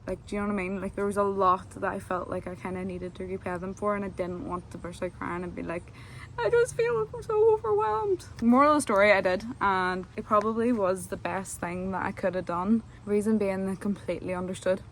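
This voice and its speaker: A woman's voice: mid-range voice, level tone, brisk, hardly any pauses, a bit bright, a little hiss or hum. A young woman, telling a casual, rambling vlog story full of fillers. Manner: chatty, rambling, lots of fillers. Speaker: vlogger.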